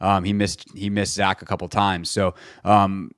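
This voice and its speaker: Low-voiced man breaking down game film. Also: level tone, normal speed, a bit bright, clear, resonant tone, dry recording, studio quality. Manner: chatty, many fillers and restarts. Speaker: sports radio host. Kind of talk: casual football film breakdown.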